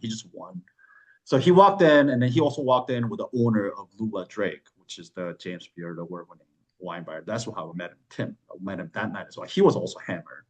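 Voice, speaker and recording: A man hosting a wine club chat, casually telling a long story, swearing and acting out other people's lines in quick bursts. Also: poor audio. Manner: animated, swears, acts out quoted voices with big pitch jumps.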